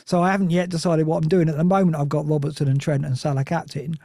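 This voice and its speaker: Guesting on a football podcast as a Nottingham Forest fan, this man speaks quickly in a slightly high, fairly flat voice with warmth and vocal fry. His casual chat rambles, full of restarts and self-interruptions, on a dry recording.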